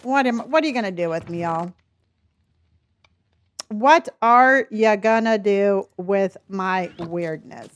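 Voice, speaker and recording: Slow and mid-range, this middle-aged woman's voice carries a casual, rambling chat as she streams a game. She reads from her chat and laughs a lot along the way.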